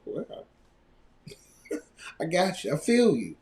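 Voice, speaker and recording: A man rants on his live podcast, his pitch sitting a little high and swinging widely. He talks loudly and with mocking energy, breaking into put-on voices to make fun of people. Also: slow pace. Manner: loud, animated ranting with mocking quoted voices. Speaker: podcast host.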